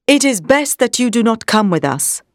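A woman's voice: fairly high pitch, very animated, normal speed, no echo, studio quality. A woman reading the lines of a stern elderly male professor who hunts vampires, in a firm, commanding way. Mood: grave.

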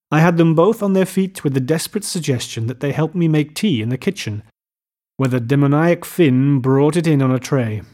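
A man narrating a literary novel as an audiobook, in a measured, even storytelling manner. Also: mid-range voice.

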